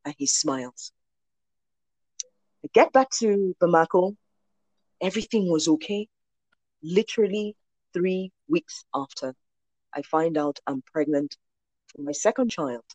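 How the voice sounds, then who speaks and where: Forties woman telling her faith story, lowish voice, acts out the quotes, dry sound. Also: unhurried, long pauses, darkish tone, dry recording. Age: 40s. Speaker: guest sharing a testimony. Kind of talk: personal faith testimony.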